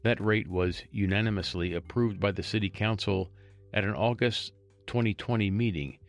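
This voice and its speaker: A man's voice: fairly low pitch, normal speed, faint music behind. A man reading a local news story aloud and adding chatty, wry asides as a storytelling host.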